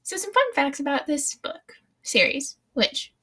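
Young adult woman, high pitch, bright tense tone, casual chatty book talk, swears often. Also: very animated, a little slow. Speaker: podcast co-host. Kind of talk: casual book-club chat.

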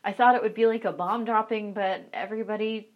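A woman's voice: medium pitch, fairly even intonation, fairly quick, dull audio. A young woman chats casually and frankly, telling stories about her work as an online content creator. Her talk is loose and full of fillers. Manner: chatty, frank, many fillers. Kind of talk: casual storytelling chat.

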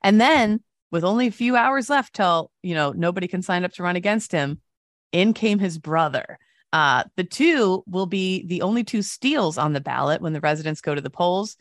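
A woman co-hosting a casual talk show, telling stories and reading news with lively voiced quotes. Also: lowish voice, moderate pace, no echo, clean studio sound. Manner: animated storytelling with voiced quotes. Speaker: co-host.

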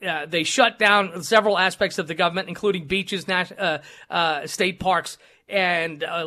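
A man's voice: high voice, pushed and bright. A male talk radio host, joking and laughing through his banter with many fillers.

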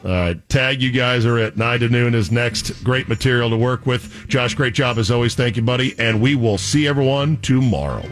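A man's voice: mid-range voice, brisk, hardly any pauses, soft background music. A male sports radio host with a mid-range voice. He teases his co-hosts as he chats casually about the game. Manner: jokey, teasing.

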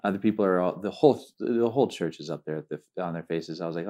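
A man with a lowish voice shares a personal story in easy, conversational talk. He restarts his sentences often and gets animated and giggly. He sounds like a minister talking with friends. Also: fast talker. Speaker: minister and guest. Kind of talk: casual testimony storytelling.

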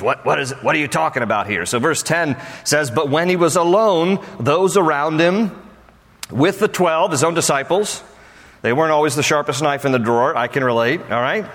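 A man's voice: a little high, a bit bright. A male pastor delivering a sermon in a conversational, joking way, with playful asides. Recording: long reverb of a large hall.

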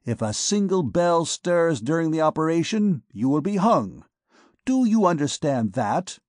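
A man's voice: fairly high pitch, very animated, unhurried, darkish tone, no echo, clean studio sound, pitched above the performer's own voice. A man reading an audiobook, voicing a commanding male vagabond king who makes stern, repeated threats. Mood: threatening.

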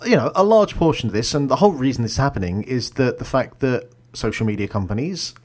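A man's voice: medium pitch, lively intonation, quick pace, darkish tone. A man co-hosting a podcast in casual chat. He rambles and leans heavily on fillers. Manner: rambling, heavy on fillers like "like" and "you know". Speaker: podcast co-host.

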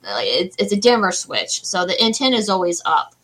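A woman's voice: mid-range voice, big pitch swings, a little fast, a bit bright, rough recording. A woman guest on an interview show who does psychic readings, talking in a reassuring, chatty way. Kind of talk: casual interview chat.

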